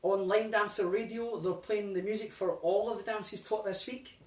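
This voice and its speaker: A man's voice: high voice, moderate pace. Man calling line dance steps. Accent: British. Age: 40s. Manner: calls steps in a loud, raised, sing-song voice; chatty and relaxed between dances. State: out of breath. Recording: distant mic in an echoey room. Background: music playing.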